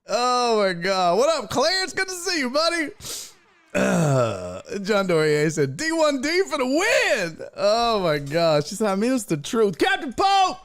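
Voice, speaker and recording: A man hosting a casual sports livestream, bantering loudly and profanely with his chat. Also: extremely high pitch, huge pitch swings, a little slow. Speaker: livestream sports talk host. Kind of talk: casual livestream chat reading viewer comments.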